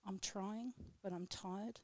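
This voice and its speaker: A woman on live radio reading her own poem aloud in a steady, measured way, then chatting with the host. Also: medium pitch, no room sound. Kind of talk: poetry reading, then casual chat. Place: radio studio.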